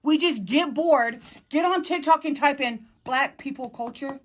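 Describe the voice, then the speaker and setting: A woman's voice: high-pitched, measured pace. A woman hosting a commentary video, ranting bluntly with heavy profanity and exasperation. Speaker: commentary host.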